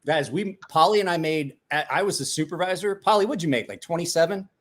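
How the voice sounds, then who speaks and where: A man's voice: a little high, quick pace, fairly bright tone. A man in his forties, a podcast host telling stories in casual chat, rambling and profane, with restarts.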